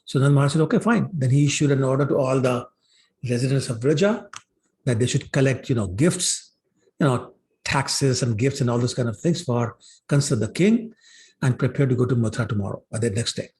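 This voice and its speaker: A man's voice: medium pitch, a little fast, a little mellow. A man teaching a scripture class in a casual storytelling way, with many fillers, acting out what the characters say. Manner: conversational, many fillers like "you know", voices characters' lines. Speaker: class speaker.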